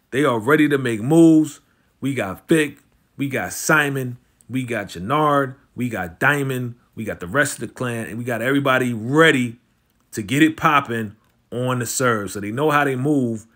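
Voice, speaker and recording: A man casually recapping a TV episode, animated and slangy, jumping into the characters' lines as he retells scenes. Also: medium pitch, normal speed. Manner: slangy, conversational, lots of "you know" and "right?". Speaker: TV recap host.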